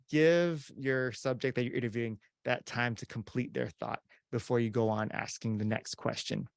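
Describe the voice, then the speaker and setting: A man's voice: mid-range voice, no echo. Chatty man teaching interview tips, dry sound. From Hawaii. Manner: chatty, animated, acts out quoted voices, frequent fillers. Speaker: video production instructor. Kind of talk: casual instructional talk.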